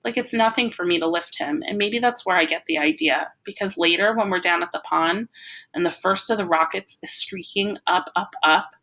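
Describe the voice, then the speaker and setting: A woman reading a novel aloud, giving a lively first-person narration. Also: on the low side, normal speed. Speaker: audiobook reader.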